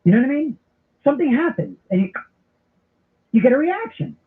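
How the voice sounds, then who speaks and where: Animated talk radio man, tinny sound. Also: very high-pitched, fairly quick. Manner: animated storyteller with comic impressions. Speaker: radio host. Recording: tinny phone-like broadcast audio.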